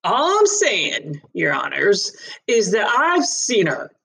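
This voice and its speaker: A woman voicing a blunt, hostile village man accusing a neighbor, speaking roughly and scornfully in a read-aloud story. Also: mid-range voice, wildly swooping pitch, slow, a bit bright, exaggerated voice.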